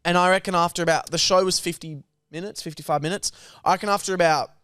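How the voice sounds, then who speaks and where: Animated, swearing man, smooth voice. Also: high-pitched, fast talker, dry recording, studio quality. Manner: animated storyteller, swears freely. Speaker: podcast host. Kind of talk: casual chat.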